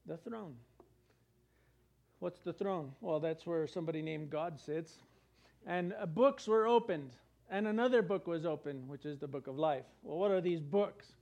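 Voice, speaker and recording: A pastor preaching a sermon in a conversational way, asking rhetorical questions and acting out quotes. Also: male voice, a little high, moderate pace, gravelly, darkish tone, muffled recording.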